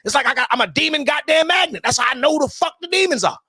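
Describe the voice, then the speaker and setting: High, bright-voiced profane ranting man. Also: animated, fast, no echo, clean studio sound. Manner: preachy, profane, repeats himself. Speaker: commentary streamer.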